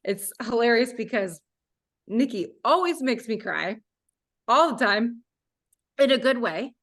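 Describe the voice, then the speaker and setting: A woman presenting a talk with slides over a video call, rambling and warm, with many fillers. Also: a little high, expressive, measured pace. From Florida, USA. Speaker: guest speaker.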